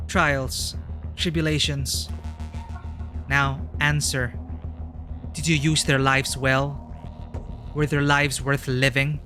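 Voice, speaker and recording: A man voicing a calm, cold, mysterious interrogator who questions slowly and deliberately. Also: medium pitch, faint music behind. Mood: solemn.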